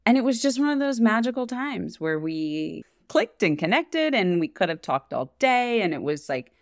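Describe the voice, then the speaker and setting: Gushy earnest woman cohost, gravelly low voice, dry sound. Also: very animated, normal speed, dry recording. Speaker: podcast co-host, entrepreneur. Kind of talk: casual chat.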